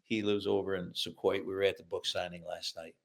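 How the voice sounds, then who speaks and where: Older male author, low gravelly voice, lively storyteller, acts out the voices in his tales. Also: brisk. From upstate New York, USA. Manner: lively anecdotes, acts out quoted voices, laughs through punchlines. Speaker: author and guest. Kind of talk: storytelling in a podcast interview.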